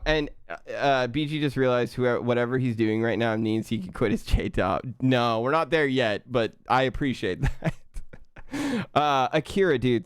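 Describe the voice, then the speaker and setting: A young man hosting a live stream, thanking viewers in an excitable way, laughing and stumbling over his words, out of breath. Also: mid-range voice, clear, resonant tone, no echo, studio quality. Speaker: livestream host.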